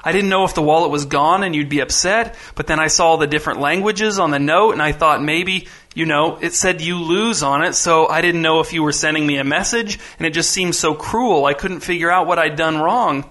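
A hurt, tearful woman, accusing and close to breaking, as a male reader puts her on. The voice is bright and raised a little, cracking under strain in an audiobook telling. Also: a little high, a little fast, hardly any pauses.

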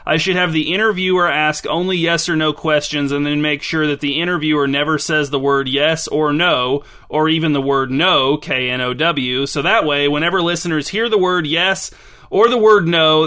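A man's voice: on the high side, sharp tone. A man hosting a podcast, delivering a sarcastic, exasperated comedic monologue. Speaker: podcast host.

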